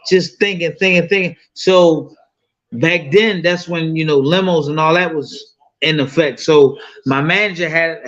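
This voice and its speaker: A man's voice: fairly high pitch, fairly bright tone, dull audio. A man in his fifties telling a fight story in loose, profane casual talk full of fillers. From United States. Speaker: boxing guest.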